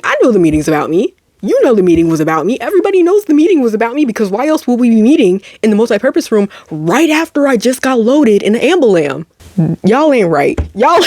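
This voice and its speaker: A young adult woman vlogging, telling a personal story in a dramatic, animated way with quick asides and laughs. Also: mid-range voice, no echo, clean studio sound. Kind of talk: casual storytelling to camera.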